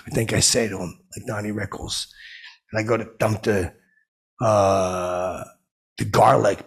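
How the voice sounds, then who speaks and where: A man's voice: on the low side, gravelly, breathy edge. A man telling a comic story in a stammering, rambling way, like a podcast host. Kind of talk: comedic rambling monologue.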